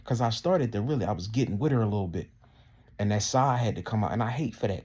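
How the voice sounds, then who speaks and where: A man's voice: medium pitch, brisk, a little mellow, slightly rough. A man ranting heatedly and indignantly, full of profanity, his voice climbing as he gets worked up. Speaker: vlogger. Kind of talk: casual profane rant to camera.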